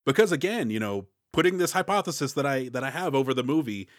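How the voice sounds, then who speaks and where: A man's voice: mid-range voice, expressive, fast talker, no room sound. A man co-hosting a film podcast who recaps the story and builds out his theories about the movie. His voice is close and dry, with no room sound at all. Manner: summarizes plots, explains his theories. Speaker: podcast co-host. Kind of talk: casual movie discussion.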